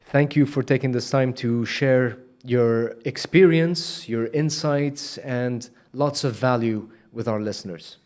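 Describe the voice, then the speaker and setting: A man's voice: mid-range voice, slow, few pauses, darkish tone. A man hosting an interview podcast, asking questions and giving short affirming replies. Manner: brief, affirming back-channels. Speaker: podcast host.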